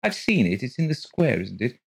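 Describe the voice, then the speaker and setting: Male reader as an odd, vague middle-aged woman, voice pitched well up, absent and evasive. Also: big pitch swings, a little fast, creaky, breathy edge, full character voice.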